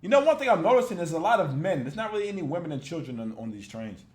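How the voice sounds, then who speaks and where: A man with a high voice that swings widely up and down, ranting in a blunt, profane, casual way and breaking into laughter often. He sounds like he is recording in an echoey room. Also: very animated, very fast, very noisy. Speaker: reaction video host.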